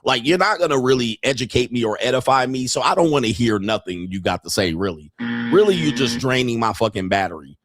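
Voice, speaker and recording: A man's voice: medium pitch, expressive, a little fast, fairly bright tone, dry recording. A middle-aged man hosting a commentary show, reacting bluntly and crudely to viral clips with frequent laughter. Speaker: host.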